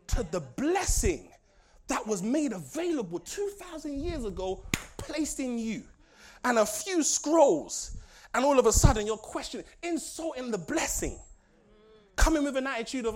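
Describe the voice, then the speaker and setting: A male pastor preaching a lively sermon, laughing often and swinging from shouted lines to soft asides. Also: extremely high pitch, a little slow.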